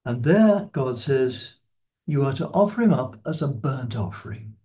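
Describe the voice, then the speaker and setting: A man giving an unscripted lecture on a Bible passage, in a measured, explanatory way that stresses key words. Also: medium pitch, big pitch swings, warm tone. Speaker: lecturer on scripture.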